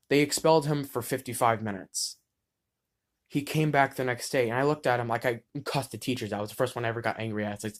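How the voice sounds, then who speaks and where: A man's voice: medium pitch, fast. A teenage boy in eleventh grade talking straight to camera about being bullied, blunt and heated, swearing freely and restarting words mid-sentence. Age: teens. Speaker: student vlogger. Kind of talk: impassioned personal monologue.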